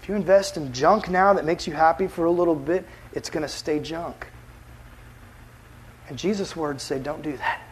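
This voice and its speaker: A man preaching a casual, animated sermon as a youth pastor, full of filler words. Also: fairly high pitch, a little hiss or hum, low-quality recording.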